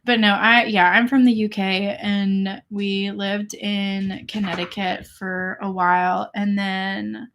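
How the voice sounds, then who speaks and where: A woman's voice: medium pitch, level tone, takes it slowly, hardly any pauses, a bit bright. A young woman from England with no trace of an English accent, chatting casually on a livestream, often laughing and answering viewers' comments. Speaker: online seller doing a livestream.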